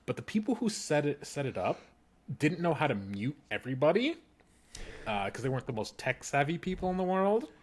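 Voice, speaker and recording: Male podcast co-host, casual, easy laugh, lively up-and-down delivery. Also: fairly high pitch, brisk. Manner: laughs easily, tells stories with lively emphasis.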